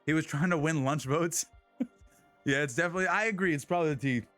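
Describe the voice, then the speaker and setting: A man's voice: on the high side, fast, a bit bright, no echo, faint music behind. A young man streaming live and telling a story in casual, rambling chat. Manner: rambling, many restarts and laughs.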